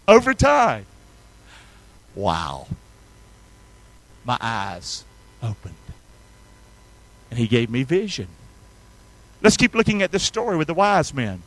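A preacher from North Carolina delivers a sermon in a high, bright, ringing voice that leaps all over the scale. He swings from hushed, low passages to loud, excited bursts and calls on the congregation to answer him. The sound is close and dry. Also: a little slow, pauses often, dry recording, low-quality recording. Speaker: pastor.

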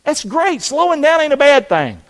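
A man preaching a sermon in a church, calling for amens and rising to shouts. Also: very high voice, very animated, moderate pace. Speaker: pastor. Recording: long hall reverb.

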